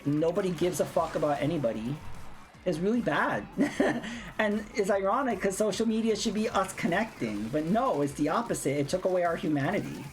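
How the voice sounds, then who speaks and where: A woman's voice: on the low side, expressive, a little fast. A woman streamer ranting bluntly in casual chat while playing a game, swearing freely. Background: faint game music.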